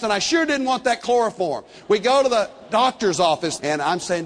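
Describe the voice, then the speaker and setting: An older man preaching a sermon, telling stories and swinging between soft, slow passages and loud, animated ones. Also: high voice, in a large hall, a faint crowd, a little hiss or hum. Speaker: pastor.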